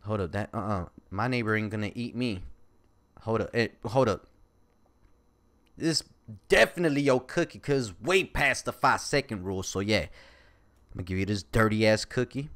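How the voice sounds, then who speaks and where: A young man commenting on a horror game as he plays, joking and reacting, dropping to mutters and jumping to yells. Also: on the low side, normal speed, pauses often. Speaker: gaming YouTuber. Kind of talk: let's play commentary.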